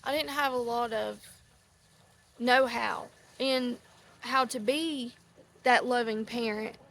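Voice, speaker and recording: Slow and gravelly, with a fairly high, slightly bright voice, a middle-aged woman hosts a rambling, easily sidetracked outdoor chat for a live crowd. Ducks quack nearby, and there's slight background noise.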